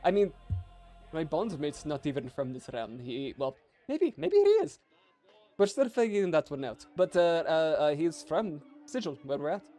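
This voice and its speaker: A man's voice: on the high side, big pitch swings, normal speed, mellow, faint music behind. Hesitant, laughing male gamer. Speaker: player. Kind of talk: in-character tabletop role-play.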